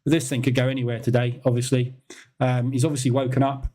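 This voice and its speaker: A man hosts a live trading stream, giving market commentary in a casual, incredulous way and laughing often. His medium-pitched voice is mellow, flat in delivery and quick.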